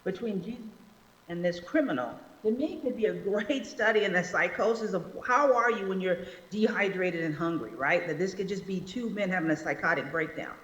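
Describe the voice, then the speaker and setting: A woman giving a sermon as a guest speaker, animated, slowing down for emphasis and acting out quotes. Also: on the low side. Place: church sanctuary. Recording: echoey hall, slightly dull sound.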